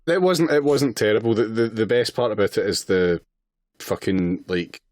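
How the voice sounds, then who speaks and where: A man's voice: fairly low pitch, moderate pace, a little mellow, no room sound. A man co-hosting a podcast in casual chat, making dry, laconic remarks. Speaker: podcast co-host.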